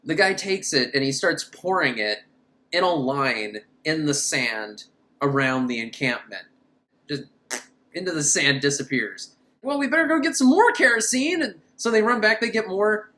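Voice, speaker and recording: A woman's voice: fairly low pitch, a little slow, fairly bright tone. A woman recapping a bad film with sarcastic, incredulous commentary. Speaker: film reviewer. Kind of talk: comedic movie recap.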